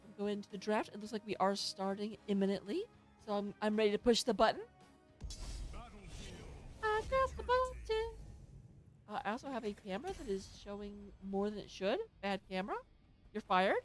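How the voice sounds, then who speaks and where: A woman's voice: mid-range voice, fast talker, soft background music. A woman casting a live-streamed esports match from her home setup, playful, goofy and self-mocking as she talks into a headset. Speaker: esports tournament caster.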